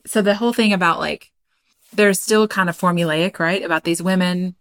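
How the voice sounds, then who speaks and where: A woman's voice: lowish voice, fairly even intonation, a bit bright. A woman with a Kentucky accent, co-hosting a podcast and telling a story in a chatty, casual way. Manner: chatty, laughs often, spells out names slowly.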